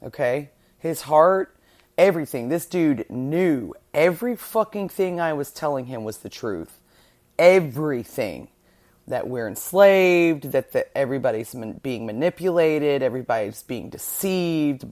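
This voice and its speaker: A woman holds forth on her own spiritual podcast, slow and unhurried in her delivery. She is fervent and sure of herself, swears freely and repeats words to hammer a point home. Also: deep voice, expressive, darkish tone. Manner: emphatic, heavily profane, repeats words for emphasis; fervent, self-assured. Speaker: podcast host.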